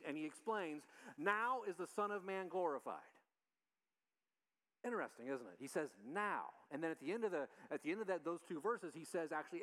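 Higher-voiced man teaching a Bible study. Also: fairly bright tone. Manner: conversational, halting, frequent restarts. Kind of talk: informal Bible teaching with slides.

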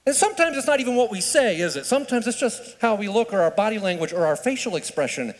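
A fairly high-voiced man preaching in a lively, conversational way, his pitch swinging widely as he fires off rhetorical questions. He often stumbles and restarts mid-sentence. His voice carries a long reverb, as if from a large hall. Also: fast. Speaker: pastor. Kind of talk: sermon.

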